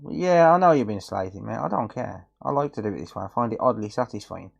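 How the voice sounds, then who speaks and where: A man's voice: lowish voice, lively intonation, fast talker, creaky, slightly rough, lo-fi sound. A man chatting casually on a live stream while fixing electronics, often muttering and teasing viewers.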